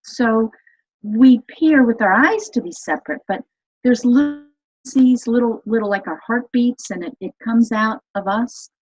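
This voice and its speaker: Husky-voiced woman guest explaining stuff, earnest and eager, kinda muffled lo-fi audio. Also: fairly high pitch, a little slow, darkish tone. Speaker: guest expert on voice and energy healing. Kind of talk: casual interview explanation.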